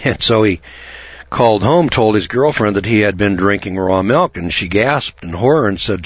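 A man hosting a radio talk hour, holding forth in a folksy, opinionated ramble full of "uh"s and restarts. His voice sits low with a husky edge. The audio is dry and slightly dull, like an older broadcast. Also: animated, normal speed, no room sound. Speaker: radio show host.

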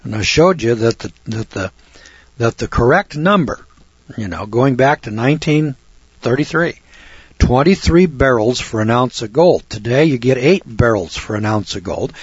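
Blunt radio preacher, male, mid-pitched and husky, folksy talk to listeners; lo-fi sound. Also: animated, normal speed, no echo. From United States. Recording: dull lo-fi dry recording.

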